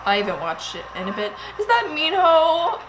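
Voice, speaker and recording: A woman giving casual movie reaction commentary, excitable and swearing as she talks back to the screen. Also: sits high, normal speed, loud music behind the voice.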